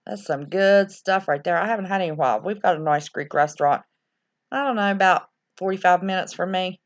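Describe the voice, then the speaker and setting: Reading comments from her viewers, this livestream host chats casually and rambles through her reactions. Her voice is mid-range and brisk. The recording has a slightly dull, lo-fi quality.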